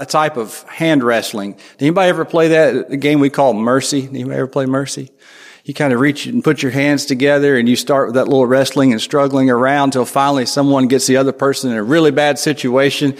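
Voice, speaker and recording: A man preaching a sermon to his congregation in a conversational way, asking them questions as he goes. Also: mid-range voice. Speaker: pastor. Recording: long hall reverb.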